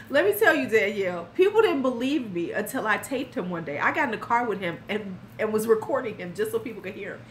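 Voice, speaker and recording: A woman's voice: mid-range voice, sing-song, a little fast, a little hiss or hum. A woman in her fifties hosting a live stream, telling a story in a frank, blunt way and talking to viewers by name.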